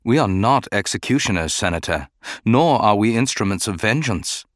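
A man's voice: fairly low pitch, moderate pace, no echo, clean studio sound, close to an everyday voice. Obi-Wan, a man voicing a restrained Jedi knight. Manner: calm, restrained and formal. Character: troubled male Jedi knight, measured and reserved.

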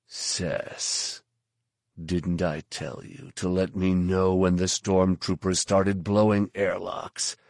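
Male narrator playing a low, slow, dry-spoken bounty hunter, blunt and sardonic. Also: flat delivery, vocal fry, darkish tone, dry recording, exaggerated voice. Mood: curt.

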